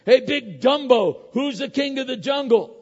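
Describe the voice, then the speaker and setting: Man putting on a loud boastful lion. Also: extremely high pitch, expressive, unhurried, voice pushed up, full character voice. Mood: blustering. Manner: loud blustering taunts. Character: boastful bullying male jungle lion. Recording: echoey hall, dull lo-fi sound.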